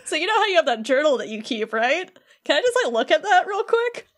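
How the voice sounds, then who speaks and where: A woman's voice: high-pitched, very animated, fast talker, pitched above the performer's own voice. A woman loosely voicing a small, fussy male cricket who keeps a journal, chatty and eager. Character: tiny fussy male cricket chronicler, easily upset.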